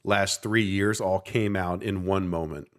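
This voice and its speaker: A man in his thirties co-hosts a podcast in a lowish voice. He talks in an earnest, animated way and builds his points with conviction. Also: a little slow. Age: 30s. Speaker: podcast co-host. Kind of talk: casual chat.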